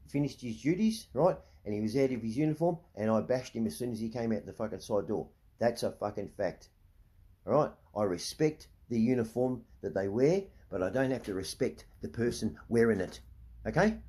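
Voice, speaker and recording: A man's voice: mid-range voice, dark tone. A middle-aged Australian man ranting to camera, blunt and profane, repeatedly asking "right?" as he talks. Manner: heated, indignant. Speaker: vlogger.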